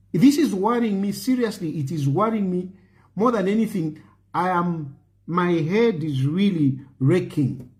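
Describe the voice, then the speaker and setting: A man with a Zambian accent delivering an impassioned political monologue as a show host, pleading and emphatic, repeating his phrases and slipping in Bemba words. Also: high voice. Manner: mixes Bemba phrases into English.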